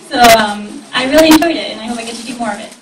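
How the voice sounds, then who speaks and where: A woman's voice: a little high, quick pace. A woman on a convention panel answering hesitantly, with fillers and small laughs. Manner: hesitant, giggly, lots of fillers. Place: large convention hall. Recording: echoey hall, far off, loud hiss.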